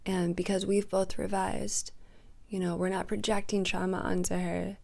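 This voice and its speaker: A woman coaching on manifestation in a casual, reflective vlog, speaking softly and sometimes dropping to a whisper. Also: on the low side, flat delivery, moderate pace, creaky. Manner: soft-spoken, drops to a whisper at times.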